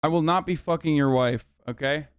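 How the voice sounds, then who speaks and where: A man's voice: on the high side, a little fast, clear, resonant tone, no room sound, studio quality. A man in his thirties streaming live, reacting with casual, profane commentary full of filler words.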